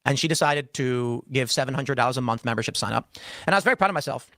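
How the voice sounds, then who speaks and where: A young adult man telling an animated story, acting out the dialogue with shifting voices. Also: mid-range voice, fast, dry recording, clean studio sound. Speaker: podcast host telling a story.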